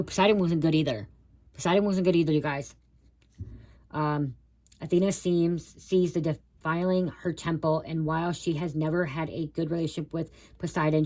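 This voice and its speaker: A woman on a live stream reads from a card guidebook, tripping over words and breaking off to address her viewers. Her voice sits low and stays fairly flat and even. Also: rough recording. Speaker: tarot reader.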